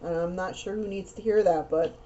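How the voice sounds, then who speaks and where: Earnest woman giving a mellow, rambling card reading. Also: fairly low pitch, brisk. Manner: earnest, rambling, repeats words. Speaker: tarot reader. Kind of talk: casual spiritual card reading. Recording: dull lo-fi sound with faint noise.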